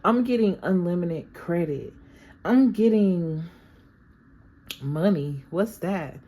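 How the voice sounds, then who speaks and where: Low-voiced woman giving a chatty tarot reading. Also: lively intonation, slow pace, dark tone. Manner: chatty, slangy, talks straight to viewers. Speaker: tarot reader. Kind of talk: casual tarot reading to viewers.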